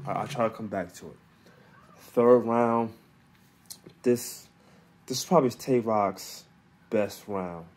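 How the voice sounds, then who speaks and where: Low-voiced guy doing a chill recap, slangy, lots of restarts, faint hiss behind. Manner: loose slangy talk with many restarts, fillers and quiet asides. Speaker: battle rap recap host. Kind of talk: casual solo commentary.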